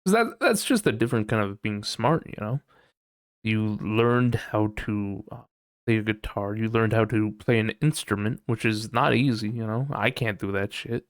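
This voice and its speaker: A man's voice: on the low side, moderate pace, no echo, studio quality. A young man hosting a casual solo podcast, rambling and self-mocking as he talks to his chat, sometimes slipping into goofy mock voices. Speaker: podcast host.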